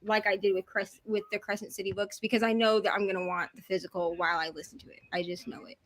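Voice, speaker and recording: A woman's voice: medium pitch, little pitch movement, quick pace. A woman chatting casually with friends on a video call, telling stories and acting out her own reactions. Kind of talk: casual group video chat.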